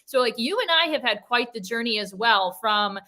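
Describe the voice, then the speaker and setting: A woman's voice: fairly high pitch, expressive, normal speed, bright, forceful tone. A young woman co-hosting a sports show, chatting casually and rambling, with many fillers and some teasing. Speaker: co-host. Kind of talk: casual chat.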